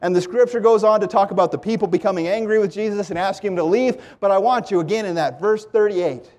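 A man preaching a sermon with passion, his voice climbing into loud pleading and dropping to hushed lows. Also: fast. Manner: impassioned, swings from loud pleading to low hushed.

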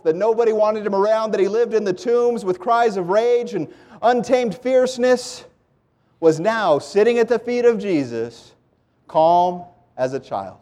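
A man preaching a sermon with passion, his voice climbing into loud pleading and dropping to hushed lows. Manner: impassioned, swings from loud pleading to low hushed.

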